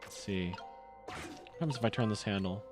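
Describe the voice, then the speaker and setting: A man's voice: lowish voice, fairly quick, music in the background. A young man streaming a video game, reading the dialogue aloud and chatting with wry asides.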